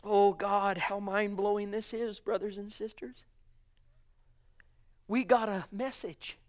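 Fervent male preacher, high bright voice, slow measured delivery that surges loud and drops to a hush. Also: level tone. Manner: swings between booming exclamations and hushed murmurs; fervent, calls listeners honey and sweetheart. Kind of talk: sermon.

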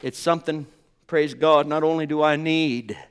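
A man's voice: on the high side, steady tone, moderate pace, clean tone. Fervent man preaching a sermon. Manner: fervent, swinging from hushed tones to ringing exclamations; addresses the congregation as brothers and sisters.

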